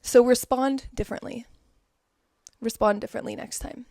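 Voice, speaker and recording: A young woman hosting a casual motivational talk from home, emphatic, repeating key words and dropping into soft asides. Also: a little high, fairly even intonation, normal speed, gravelly, no echo, studio quality. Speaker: host.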